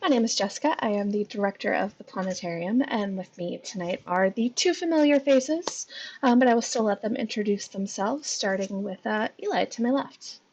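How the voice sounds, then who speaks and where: A woman's voice: medium pitch, brisk, darkish tone, a little hiss or hum, poor audio. A woman hosting a livestream in a chatty, conversational way. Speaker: host.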